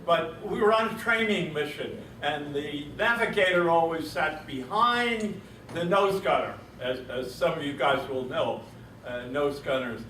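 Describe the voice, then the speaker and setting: A man's voice: a little high, a little slow, pushed and bright. A man in his eighties, a veteran telling a war story to an audience at a reunion with a wry, chuckling manner. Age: 80s. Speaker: veteran speaker. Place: reunion event room. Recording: roomy echo, distant mic, faint noise.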